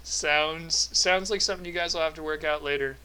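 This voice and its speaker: Bright-voiced male game master. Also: a little high, a little fast, clean tone, low-quality recording. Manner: relaxed, many filler sounds. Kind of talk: narrating a tabletop game.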